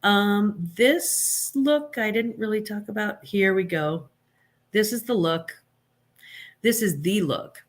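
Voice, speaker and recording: A woman's voice: medium pitch, slow. A woman hosting a live stream, giving blunt, sarcastic opinions in casual chat, with many fillers and restarts.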